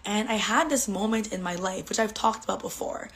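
A woman's voice: medium pitch, a little fast, fairly bright tone. Woman podcast host, candid and emotional, talks in a chatty flow full of fillers. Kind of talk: personal storytelling monologue.

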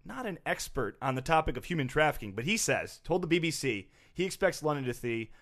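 A man's voice: fairly high pitch, big pitch swings, fairly quick, a bit bright. A man co-hosting a comedy sports podcast, chatting loosely and laughing at his own bits. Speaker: podcast co-host. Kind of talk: casual comedy chat.

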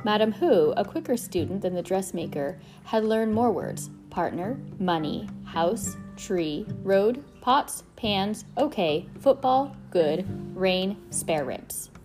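Brief: woman narrator reading a chapter book aloud, steady pace, faint music under. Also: mid-range voice, slow, few pauses. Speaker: reader. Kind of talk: reading a children's novel aloud.

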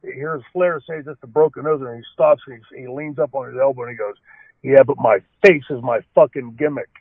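A man's voice: mid-range voice, fairly even intonation, fairly quick, husky, no echo. A former wrestler tells his old road stories in a loose, rambling way. He circles back, repeats words and fills gaps with "you know." His voice sits in a middle register and comes through a dry, tinny, phone-like line. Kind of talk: storytelling interview answers.

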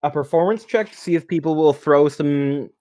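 A man running a tabletop game as game master, relaxed and steering players back on track. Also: fairly high pitch, moderate pace, no room sound, clean studio sound.

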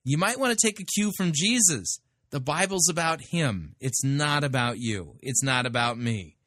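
A man's voice: a little high, animated, normal speed, a bit bright, no echo, clean studio sound. A man hosting a show, giving blunt, sarcastic commentary on a sermon. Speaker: podcast host critiquing sermons. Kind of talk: casual commentary.

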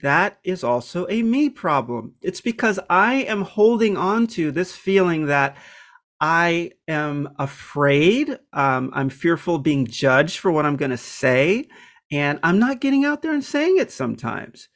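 A man with a slightly high-pitched voice talks through a self-help topic in a casual, unscripted way. He thinks out loud, filling pauses with ums and restarting his sentences as he goes. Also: very animated. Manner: reflective, many fillers and restarts. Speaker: podcast host.

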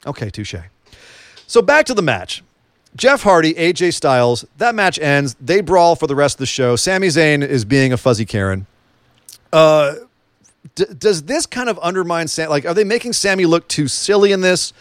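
A man's voice: fairly high pitch, big pitch swings, normal speed, dry recording. A man co-hosting a casual wrestling chat, joking around and asking lots of questions. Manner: chatty, joking, asks many questions. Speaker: wrestling podcast co-host.

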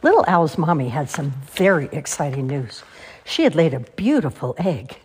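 A woman reading children's storybooks aloud in a gentle, expressive storytelling voice. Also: deep voice, moderate pace, a little hiss or hum. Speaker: storybook reader.

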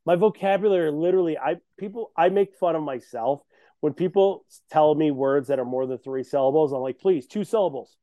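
A man's voice: fairly high pitch, a little fast, mellow, no room sound. A man chatting casually on a podcast as a guest, boastful and joking. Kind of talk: casual chat.

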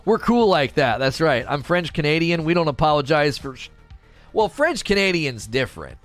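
A man livestreams in casual chat, reading viewers' comments and teasing and bantering with them. His fairly high, fairly bright voice is sing-song at a moderate pace, with soft music in the background.

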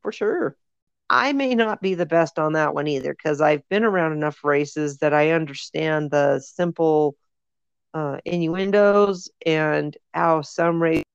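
Woman podcast co-host, gravelly, smooth, rambling casual stories, dull dry lo-fi sound. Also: low-pitched, unhurried, no echo. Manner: rambling storyteller, many fillers. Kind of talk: casual chat.

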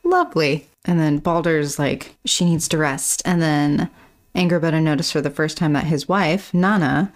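A woman with a low voice co-hosts a book-club podcast. She reads passages aloud and then retells them loosely, slipping into "she's like" as she goes. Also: steady tone, moderate pace. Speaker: podcast co-host. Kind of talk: casual book-club reading and recap.

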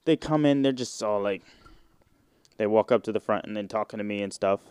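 Rambling young man, smooth dry voice. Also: fairly low pitch, a little fast, a little mellow, dry recording. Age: 20s. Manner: rambling and slangy, with frequent fillers and swearing. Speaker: podcast host. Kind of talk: casual solo podcast monologue.

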